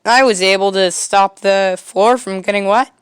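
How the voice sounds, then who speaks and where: A woman's voice: mid-range voice, fairly even intonation, normal speed, clean tone, no echo, natural voice. A woman reading a comic aloud, voicing a grumpy talking phone app with a dry, grumbling manner.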